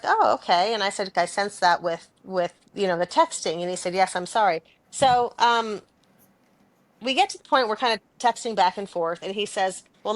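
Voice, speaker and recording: A woman co-hosting a podcast, telling a story in an animated, chatty way and laughing often. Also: lowish voice, no room sound. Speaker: podcast co-host. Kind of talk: casual storytelling chat.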